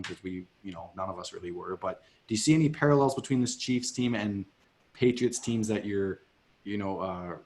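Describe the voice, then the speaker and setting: A man hosting a sports podcast, posing long questions to his co-hosts in a casual way. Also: fairly low pitch. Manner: leads the talk, poses long questions to co-hosts. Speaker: podcast host.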